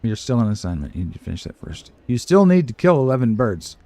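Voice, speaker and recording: A man voicing a gruff quest-giver in a fantasy video game, reading the lines in a put-on accent. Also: mid-range voice, sing-song, quick pace, warm tone. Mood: brusque.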